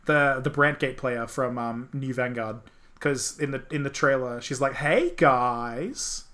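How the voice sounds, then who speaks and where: A man's voice: medium pitch, steady tone, normal speed, pushed and bright. A man chatting casually while streaming a story game, often stumbling over his words.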